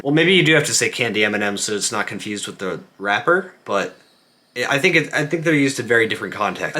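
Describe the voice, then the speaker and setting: Young male vlogger, bright tense tone, animated joking rants, casual. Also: mid-range voice. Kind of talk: casual comedic vlog monologue.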